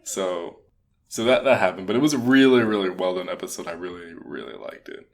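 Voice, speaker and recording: A man's voice: low-pitched, expressive, fairly quick. A young man co-hosting a podcast in casual chat, rambling and laughing often. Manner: chatty, giggly, rambling with restarts. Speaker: podcast co-host.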